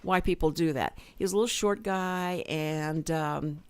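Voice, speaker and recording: A woman's voice: deep voice, unhurried, smooth, no echo. A woman co-hosting a community radio show, telling a work story in casual chat and acting out the voices of the people in it. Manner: animated storyteller acting out quoted dialogue. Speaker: radio co-host. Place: radio studio.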